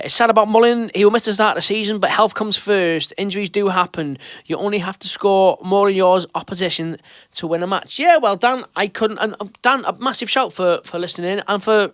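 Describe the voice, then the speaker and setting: On his fan show, a high-voiced podcast host chats casually, reads questions out, and reassures his audience, with the occasional loose restart. It's a studio-quality recording without room sound.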